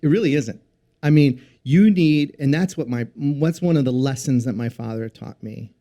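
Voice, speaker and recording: A man's voice: medium pitch, normal speed, mellow. A man guesting on a business podcast, explaining earnestly in a conversational way with many fillers. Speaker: podcast guest, company founder. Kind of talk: casual interview chat.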